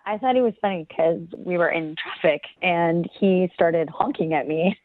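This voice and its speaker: A woman's voice: fairly low pitch, normal speed. A young woman on a phone call, talking hesitantly and giggling about a bad date. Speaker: caller. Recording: tinny phone line.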